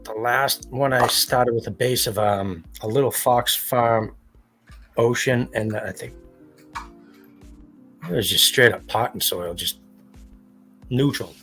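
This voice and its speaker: A man hosting a livestream in loose, rambling chat, swearing freely and putting on little voices for the people he quotes. His voice sits at an ordinary pitch, with faint music playing in the background. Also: slow, long pauses, fairly bright tone. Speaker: livestream host. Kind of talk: casual chat.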